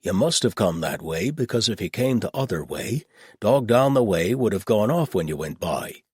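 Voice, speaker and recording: A man voicing a wary, gruff old male shepherd who speaks in blunt, clipped rural phrases. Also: on the low side, sing-song, moderate pace, darkish tone, no echo, clean studio sound, pitched above the performer's own voice, heavily acted.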